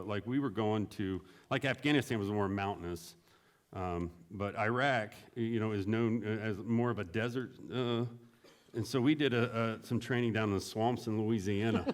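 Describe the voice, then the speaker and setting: A middle-aged man, a veteran, telling stories in a casual way, often laughing and raising his voice to act out what others said. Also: mid-range voice. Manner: animated, laughing, acts out quotes in a raised voice. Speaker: veteran guest. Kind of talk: casual storytelling.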